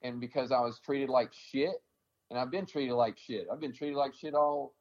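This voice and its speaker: A man at an ordinary pitch tells army stories in a blunt, profane, rambling way, filling his pauses with "uh" and "you know." The sound is a little dull and lo-fi. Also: darkish tone. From American South. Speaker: army veteran guest. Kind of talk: casual interview storytelling.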